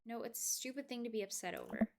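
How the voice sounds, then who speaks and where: Casting: woman voicing a rambling, exasperated teenage girl, pitched a bit high, loud game music behind. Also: huge pitch swings, fast talker, gravelly, heavily acted. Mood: glum. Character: upset teenage girl venting to her dad. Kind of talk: game script read aloud.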